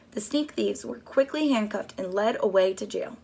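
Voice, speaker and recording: A woman's voice: medium pitch, vocal fry, mellow, slightly rough. Woman reading a storybook to children. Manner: pauses to ask listeners questions. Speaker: storybook reader.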